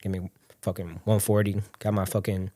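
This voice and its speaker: A young man co-hosting a podcast, telling a story in casual chat, animated and swearing freely, acting out the voices he quotes. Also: low voice, normal speed. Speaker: podcast co-host.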